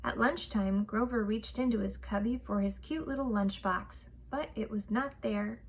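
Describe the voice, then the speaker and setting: A woman reading a children's picture book aloud, expressive and measured. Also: mid-range voice, a little hiss or hum. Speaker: storytime reader.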